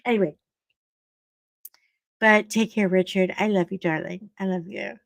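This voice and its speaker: A woman's voice: medium pitch, fairly even intonation, a little slow, vocal fry, long pauses, no room sound. A middle-aged woman hosting a casual live chat, telling rambling family stories with a chatty, laughing manner. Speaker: host.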